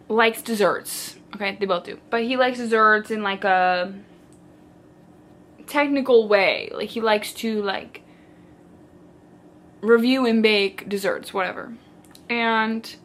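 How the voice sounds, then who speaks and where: A woman's voice: a little high, sing-song, takes it slowly, long pauses, a bit bright. A woman book vlogger chatting casually about her reading, theatrical and full of "like". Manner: chatty and theatrical, heavy use of "like". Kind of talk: casual reading vlog chat.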